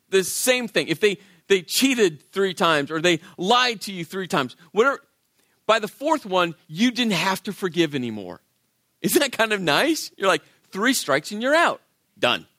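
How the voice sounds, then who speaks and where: A male pastor preaching a sermon in an animated way, acting out the voices of biblical characters. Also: high voice, dry recording, clean studio sound.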